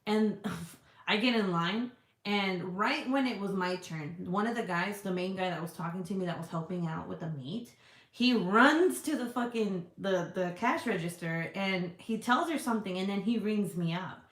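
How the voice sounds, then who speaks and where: A woman's voice: medium pitch, moderate pace, a bit bright. Woman vlogger chatting away, swears a ton, laughs a lot, kinda echoey room. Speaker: vlogger reading live chat. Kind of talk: casual storytelling chat. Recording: roomy echo.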